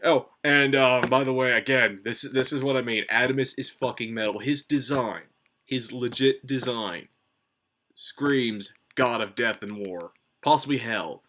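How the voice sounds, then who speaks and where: A man's voice: mid-range voice, a little slow, bright, forceful tone. A man giving a casual, rambling review, swearing freely and filling gaps with "like" and "um". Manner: rambling, profane, many fillers and restarts. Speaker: manga reviewer. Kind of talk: casual solo review commentary.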